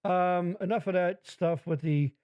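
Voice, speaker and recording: A man hosting a podcast in casual chat, loud and profane, riffing and joking. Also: high voice, fairly even intonation, measured pace, clear, resonant tone. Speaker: podcast host.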